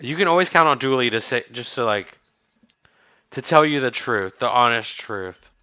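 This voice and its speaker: A man's voice: mid-range voice, expressive, normal speed, sharp tone, smooth. A man co-hosting a podcast, musing and asking questions in casual chat. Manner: musing, chatty, asks questions. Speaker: podcast co-host.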